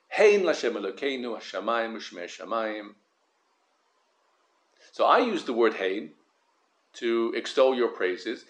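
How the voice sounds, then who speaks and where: A man giving a Torah lesson, careful and measured, stressing key words and often repeating himself as he weighs a point. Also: lowish voice. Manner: careful, measured, with frequent word repetitions. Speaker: Torah teacher. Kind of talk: Torah lesson on the weekly portion.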